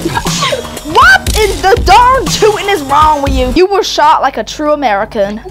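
A woman's voice: high voice, sing-song, a little slow, fairly bright tone, faint music behind, full character voice. A teenage girl doing a fake Southern drawl as a brash Texan cowgirl in game voice chat. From United Kingdom. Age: teens. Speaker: YouTuber.

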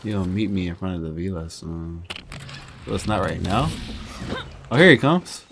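A man casually commenting on his own gameplay, chatty and breaking into loud excited yelps. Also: low-pitched, normal speed, long pauses, slight background noise. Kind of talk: casual let's-play commentary.

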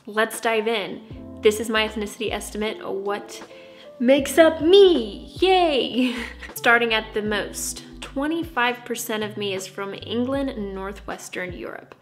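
A woman's voice: a little high, a little slow, a bit bright, soft background music. A young American woman talking to camera in a casual vlog, bubbly and playfully dramatic. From United States. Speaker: vlogger.

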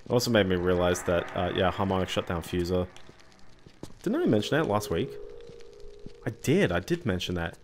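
A man's voice: deep voice, animated, normal speed, long pauses, slight background noise. A man streaming a video game, talking casually and thinking aloud as he plays. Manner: rambling, thinking aloud while playing. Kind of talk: casual gameplay commentary.

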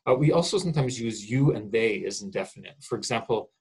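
A man's voice: on the low side, expressive, fast talker, a little mellow, breathy edge, low-quality recording. A man teaching a college English grammar lesson, explaining terms and checking in with "okay?" and "right?". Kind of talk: recorded grammar lecture.

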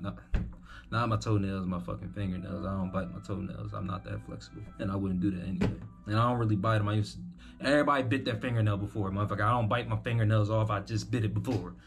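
A young man giving rambling, profane, incredulous commentary while hosting a reaction video. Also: fairly low pitch.

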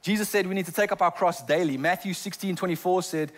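A man's voice: high voice, quick pace. A man preaching a sermon as pastor in a church, often stumbling over repeated words as he talks. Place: church sanctuary.

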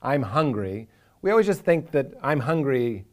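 A man's voice: medium pitch, big pitch swings, normal speed. A man, a comedian talking earnestly and with animation in a reflective interview, now and then acting out inner voices for a laugh.

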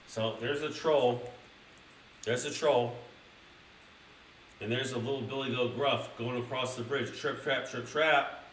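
A young man streaming a crude comedic storybook reading, excitably addressing his chat. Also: mid-range voice, unhurried, long pauses, recorded from a distance. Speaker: streamer reading a children's book. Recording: roomy, a little off-mic, faint noise.

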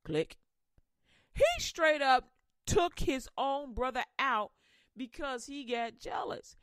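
A woman's voice: high-pitched, slow pace, dry recording, clean studio sound. A woman hosting a comedic sermon podcast, preaching in casual slang and acting out scenes. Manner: animated, slangy, acts out Bible voices. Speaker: host, lay preacher.

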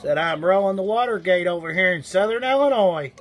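A man's voice: sits high, lively intonation, a little fast, crowd noise. A man chatting on CB radio in folksy call-sign lingo, recorded on a phone. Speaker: CB radio operator. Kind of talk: CB radio chat. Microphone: iPhone.

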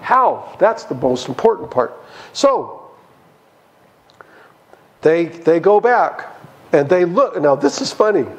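Animated high-voiced man teaching Bible study. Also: takes it slowly, pauses often, rough recording. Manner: animated, acts out voices of the characters, asks the audience questions. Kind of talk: church Bible study lecture. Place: church hall.

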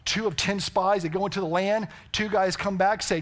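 A man's voice: high-pitched, steady tone, brisk, fairly bright tone. A man preaching a sermon, telling stories and asking the congregation rhetorical questions. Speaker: pastor. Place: church sanctuary.

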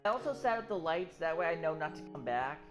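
A let's play gamer narrates live gameplay, jumping between startled yelps and muttered asides while swearing constantly. The voice sits at a middling pitch. Clear background music plays under the talk throughout. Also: big pitch swings, fast.

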